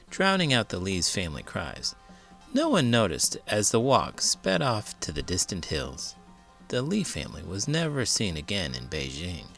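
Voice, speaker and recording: A man reading a children's picture book aloud with dramatic, expressive storytelling. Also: deep voice, creaky. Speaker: teacher and children's book reader. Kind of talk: children's read-aloud narration.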